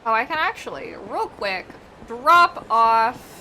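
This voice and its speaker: A woman's voice: on the high side, sing-song, takes it slowly, bright, forceful tone, a little hiss or hum. A woman streamer playing a game and making playful asides. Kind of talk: let's play commentary.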